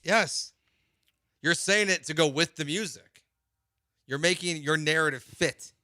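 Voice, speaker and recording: A man's voice: a little high, a little slow, sharp tone, dry recording, studio quality. A man co-hosting a sports radio show, answering with short, skeptical replies. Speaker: radio co-host. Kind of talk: casual sports radio banter.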